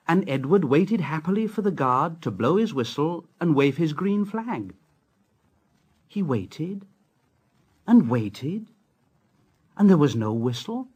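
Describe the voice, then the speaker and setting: A man reading a children's story aloud with a gentle, lilting delivery. His voice is fairly high and swings up and down, and he takes his time over each phrase. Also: very animated, takes it slowly, pauses often, breathy edge. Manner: gentle, sing-song read-aloud. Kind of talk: storybook narration.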